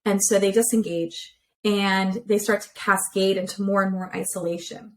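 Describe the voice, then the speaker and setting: On a remote call, a woman who works as a relationship therapist and appears as a guest explains her ideas step by step in a relaxed, clear, conversational interview style, drawing on plenty of everyday examples. Her pitch sits in the middle and she speaks at a normal speed. The recording is low quality, with slight background noise.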